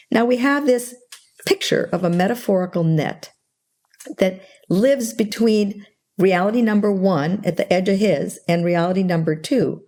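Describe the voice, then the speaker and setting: An older woman explaining a communication model in an interview, telling stories and acting out the dialogue in them. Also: mid-range voice. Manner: animated storyteller, acts out quoted dialogue. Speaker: guest expert on interpersonal skills.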